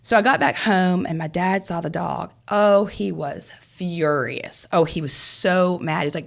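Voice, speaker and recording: A woman co-hosting a podcast, a lawyer telling a story from her family life. Her voice sits low with a gravelly fry running through it. She talks in an animated way, full of restarts and laughs. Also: measured pace, hardly any pauses. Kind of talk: casual storytelling chat.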